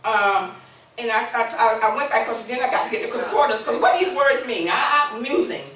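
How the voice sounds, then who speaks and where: A woman's voice: on the high side, animated, brisk, a bit bright. Woman preacher in her sixties, echoey church. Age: 60s. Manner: conversational preaching, rising to emphatic declarations. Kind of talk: sermon with call-and-response. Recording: echoey church room, mic far off.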